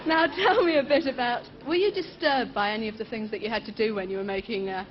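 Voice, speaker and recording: A woman's voice: a little high, fast talker, a loud crowd, heavy background noise. Cheeky female TV interviewer. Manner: cheeky, playful, mocking. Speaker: TV show presenter interviewing a guest. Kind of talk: teasing TV interview. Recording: dull 1980s TV sound.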